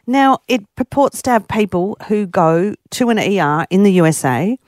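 A woman's voice: mid-range voice, expressive, normal speed, darkish tone, no room sound. A woman co-hosting a radio show, telling stories in a blunt, casual manner and laughing often. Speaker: radio co-host.

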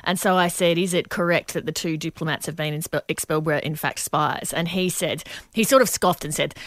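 A woman journalist chats as a radio guest in an animated, easygoing way and laughs easily. Her voice sounds dry and close to the mic. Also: low voice, a little fast, hardly any pauses, no room sound. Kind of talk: casual radio chat.

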